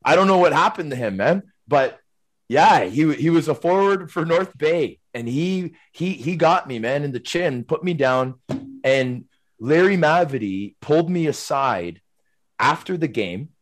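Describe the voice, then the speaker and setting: Brief: middle-aged male guest, chatty storyteller, meandering and lively. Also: on the high side, unhurried. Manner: rambling, animated, tag questions like "right?" and "man". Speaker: guest, former hockey player. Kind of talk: casual storytelling.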